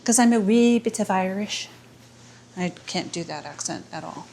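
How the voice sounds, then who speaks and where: This housewife vlogger cleans around her house and yard while chatting casually, rambling and self-mocking, into a camera mic. Her mid-range voice is expressive and mellow with vocal fry, at normal speed, and a little hiss or hum is audible.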